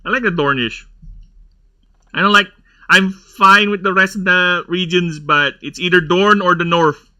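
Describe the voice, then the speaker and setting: A man's voice: fairly high pitch, pushed and bright. A man giving casual, rambling gameplay commentary, going off on nerdy tangents and laughing often. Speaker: gameplay streamer.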